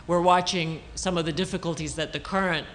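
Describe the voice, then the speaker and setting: Halting woman author, faint hiss. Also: fairly low pitch, steady tone. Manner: halting, many restarts and fillers. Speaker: author on a panel. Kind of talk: audience Q&A at a public talk. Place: auditorium stage.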